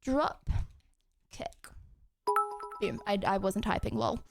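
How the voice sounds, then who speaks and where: A young adult woman streamer chatting with her viewers in her home kitchen, excitable and joking, out of breath from standing and kicking. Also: mid-range voice, slow pace, creaky, faint music behind. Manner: bubbly, excitable, joking with chat. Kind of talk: casual live-stream chat. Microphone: streaming mic, wearing headphones.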